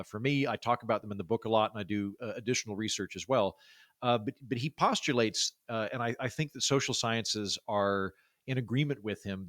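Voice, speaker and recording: A man from Oklahoma with a baritone voice, talking casually as a podcast guest, with lots of fillers and restarts. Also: a bit bright, dry recording, studio quality. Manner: chatty, many fillers and restarts. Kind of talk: casual interview talk.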